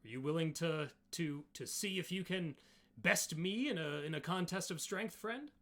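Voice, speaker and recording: Man doing a big, keen goliath warrior in a tabletop game; the voice sits higher and louder than the storyteller's own, hearty and halting, itching for a contest. Friendly and eager. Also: expressive.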